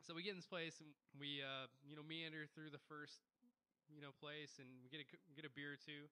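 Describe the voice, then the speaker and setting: A man spins a loose story as a podcast guest, tossing in Spanish words along the way. His voice is bright and forward and sits a little high, and he talks in an animated way. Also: brisk, clear, resonant tone. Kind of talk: casual storytelling chat.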